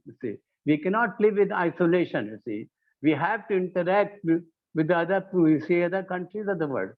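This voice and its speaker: Man, conference speech, halting, self-correcting, fairly high voice, tinny phone-like audio. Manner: halting, repeats "you see" often, self-corrects. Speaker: conference speaker.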